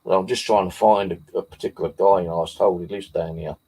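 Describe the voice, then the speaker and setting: This man speaks in a low, husky, gravelly voice with a dark tone, keeping steady and quick as he rambles through a sweary anecdote full of fillers. He's a paranormal vlogger from Bexley, southeast London.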